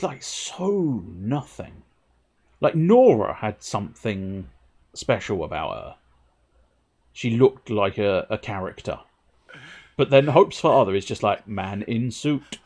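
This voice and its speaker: A man's voice: lowish voice, sing-song, takes it slowly, long pauses, darkish tone, husky. A young man streaming a video game, chatting and rambling to viewers in a self-amused way, sometimes singing joke lines. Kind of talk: casual gameplay commentary. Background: faint game music.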